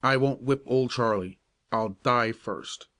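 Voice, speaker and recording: A man reading aloud, voicing a gentle but stubborn young boy who pleads earnestly. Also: mid-range voice, takes it slowly. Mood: defiant.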